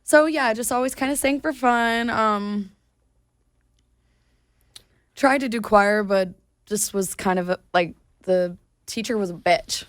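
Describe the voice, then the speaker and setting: A woman's voice: mid-range voice, a little slow, long pauses, no echo, clean studio sound. A woman in her thirties, a singer being interviewed, talking in a meandering, laid-back way. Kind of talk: casual chat.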